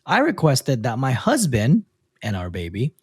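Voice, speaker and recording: Male podcast host, lively pitch, dry close mic, reads posts then comments. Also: a little slow, husky, dry recording. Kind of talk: casual podcast chat.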